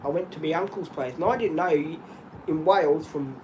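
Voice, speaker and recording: A middle-aged Australian man rambling through animated stories in casual chat, often laughing. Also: on the high side, moderate pace, noisy background.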